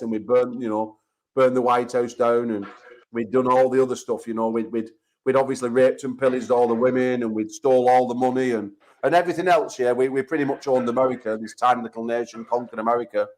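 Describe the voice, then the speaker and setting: A man's voice: medium pitch, darkish tone, rough recording. An English man hosting a call-in chat show, talking in brash, profane trash-talk banter. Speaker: host.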